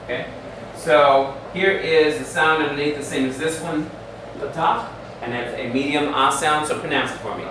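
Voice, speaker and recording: A man's voice: fairly high pitch, steady tone, moderate pace, few pauses. A man teaching a Hebrew lesson patiently, drilling the class and checking in with frequent questions. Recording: echoey room from far off, faint hum.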